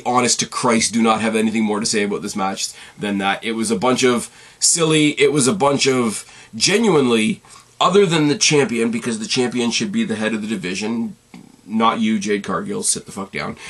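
A man's voice: lowish voice, moderate pace, fairly bright tone. A man from Canada giving a casual solo recap of a wrestling show, sarcastic and profane, with dry throwaway asides.

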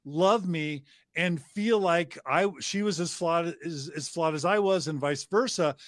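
A man's voice: fairly high pitch, unhurried, a bit bright, no echo, clean studio sound. A middle-aged man talking earnestly and reflectively as a podcast guest, often restarting his sentences. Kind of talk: casual conversation.

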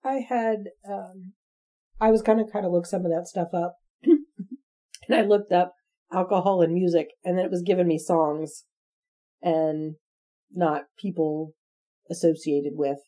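Woman, podcast co-host, casual chat, lowish voice, mellow tone, wry asides. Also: fairly even intonation, unhurried, pauses often.

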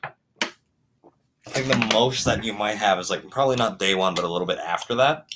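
A man's voice: lowish voice, normal speed, background noise. A man in casual chat with a friend, rambling and joking and swearing freely. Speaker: friend in conversation.

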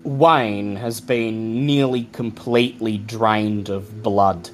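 Guy running a vampire tabletop game, calm and descriptive, quiet music under. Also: fairly low pitch, takes it slowly. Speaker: game master.

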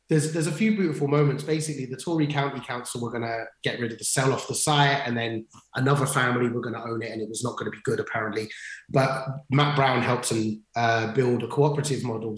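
A man co-hosting a livestream, telling stories in casual chat, full of restarts and fillers. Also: mid-range voice. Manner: chatty storyteller, many restarts and fillers. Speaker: livestream co-host. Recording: roomy echo.

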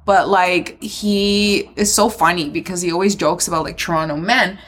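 A woman's voice: on the low side, steady tone, normal speed, a bit bright. A woman in casual conversation, telling anecdotes with many fillers and frequent laughter. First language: not English. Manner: chatty storytelling, laughs often, lots of "like". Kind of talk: casual chat.

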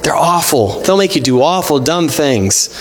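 A man with a fairly high voice gives a relaxed, conversational sermon. He acts out back-and-forth exchanges with God in his own voice, sprinkling in casual fillers as he goes. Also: moderate pace. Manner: frequent fillers like "like" and "you know". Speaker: pastor.

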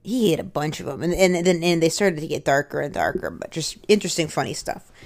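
Young woman doing standup, low gravelly voice, rambly and crude. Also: fairly quick. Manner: rambling, candid, crude, with self-interrupting asides. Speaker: stand-up comedian. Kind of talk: stand-up storytelling.

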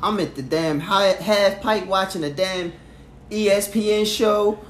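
Excited high-voiced man, echoey room. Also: a little slow, slight background noise. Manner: excited, reminiscing, giving shout-outs. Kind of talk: casual chat.

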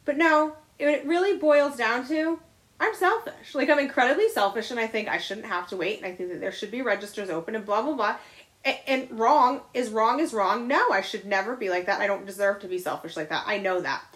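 A woman's voice: on the high side, brisk, fairly bright tone. Blunt, confessional woman podcaster. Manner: blunt and confessional, swears freely. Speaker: podcast co-host. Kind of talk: candid casual chat.

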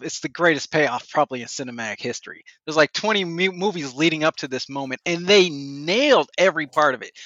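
A man giving his opinions in casual podcast talk, measured and opinionated. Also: fairly high pitch, bright, forceful tone, no room sound, lo-fi sound. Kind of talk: casual movie discussion.

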